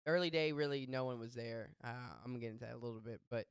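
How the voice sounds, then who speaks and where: A young man hosting a podcast, telling a story in casual chat, animated and profane with quick asides. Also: mid-range voice, clear, resonant tone, no echo, clean studio sound. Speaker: podcast host.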